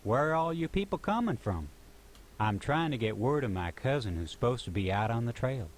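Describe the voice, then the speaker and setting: A man's voice: mid-range voice, expressive, moderate pace, slight background noise, lightly acted. An actor playing a folksy frontier man in a game, asking travelers for news in country talk. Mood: inquiring.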